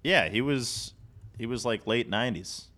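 A man co-hosting a casual sports podcast, animated and jokey, slipping into bits of mock outrage. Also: mid-range voice, moderate pace. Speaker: podcast co-host.

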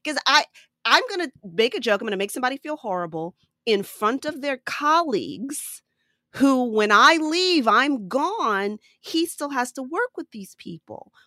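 A woman stand-up comedian, a guest on a podcast, telling stories in an animated way and laughing often. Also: high voice, moderate pace, dry recording, studio quality. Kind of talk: conversational podcast interview.

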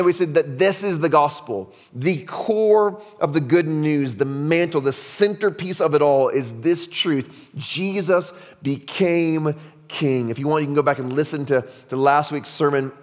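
With a voice pitched slightly above most men's, this pastor preaches in a relaxed, chatty manner, asking "right?" again and again. When he wants to drive a point home he goes low and soft, and his words ring with the long reverb of the church hall.

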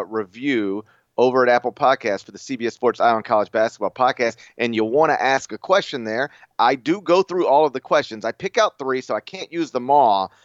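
Dude reading out mailbag on a sports pod, dry wry tone, bit of a dull mic sound. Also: male voice, mid-range voice, no echo. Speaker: podcast co-host reading listener mail. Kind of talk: casual sports podcast chat.

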